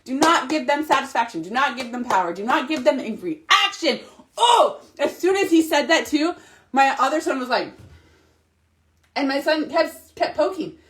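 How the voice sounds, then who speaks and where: A woman's voice: high-pitched, expressive, normal speed, fairly bright tone. A woman in her thirties, a mom talking casually and animatedly to her followers, emphatic and repetitive. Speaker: mom vlogger. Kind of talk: casual motivational monologue.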